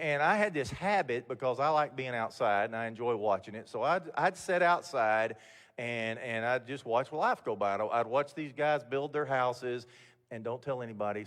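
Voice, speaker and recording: A man's voice: medium pitch, a bit bright. An older man speaking as guest speaker at a mentoring event, telling stories in a candid, folksy way with frequent restarts. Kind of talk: motivational talk to mentors. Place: event hall. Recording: long hall reverb.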